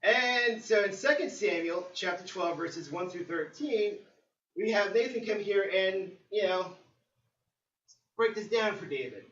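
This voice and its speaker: A male preacher delivering a sermon, telling the story in a lively way with acted-out quotes. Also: high-pitched, measured pace. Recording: roomy, distant, dull sermon recording.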